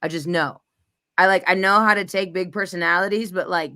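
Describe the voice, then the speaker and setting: A woman hosting a casual chat, excitable and rambling, with lots of "like" as she talks. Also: fairly low pitch, fairly quick, clear, resonant tone. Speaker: host.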